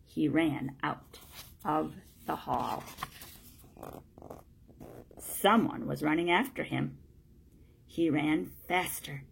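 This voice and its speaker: A woman reading a children's storybook aloud in a plain, steady way, one sentence at a time. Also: deep voice, takes it slowly, gravelly, pauses often, slight background noise. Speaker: storybook reader.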